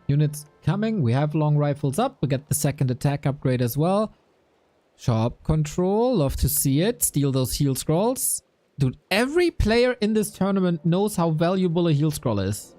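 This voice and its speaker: A man giving playful live commentary on a strategy game match, with quick asides. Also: on the high side, very animated, dark tone, soft background music. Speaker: esports commentator.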